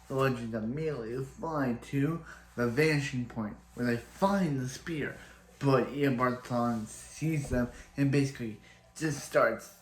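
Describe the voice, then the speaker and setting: A man casually recapping a TV episode, rambling with lots of restarts and fillers. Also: mid-range voice. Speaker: TV show reviewer. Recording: roomy echo.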